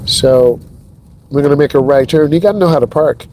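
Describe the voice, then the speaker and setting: A man's voice: a little high, a little fast, darkish tone, a little hiss or hum. A man working as a driving instructor, giving hyped, talk-to-the-viewer commentary from inside a car while he drives. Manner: hyped, talks straight to viewers. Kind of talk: live driving lesson commentary.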